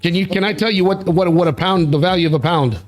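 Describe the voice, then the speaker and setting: A man's voice: high-pitched, fast talker, faint music behind. Blunt joking man hosting a chat show. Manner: blunt, joking, restless, swears casually. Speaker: podcast host. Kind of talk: casual panel chat.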